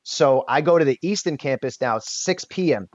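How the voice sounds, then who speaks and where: A man's voice: medium pitch, expressive, moderate pace, dry recording. Man, 30s, guest, raw candid storytelling with casual swearing, dry lo-fi sound. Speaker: podcast guest. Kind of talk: emotional personal storytelling.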